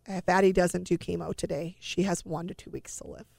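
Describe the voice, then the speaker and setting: Woman with a gravelly voice telling a family story. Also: fairly low pitch, fairly even intonation, brisk, a little mellow, no room sound, studio quality. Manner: emotional retelling with acted-out quoted dialogue. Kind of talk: personal storytelling.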